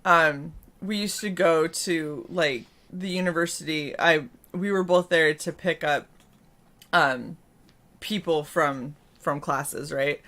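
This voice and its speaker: A woman's voice: sits low, slow. A woman co-hosting a casual stream, telling stories with lots of laughter and acted-out voices. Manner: animated storyteller, laughs often, acts out voices. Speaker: stream co-host. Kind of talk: casual chat.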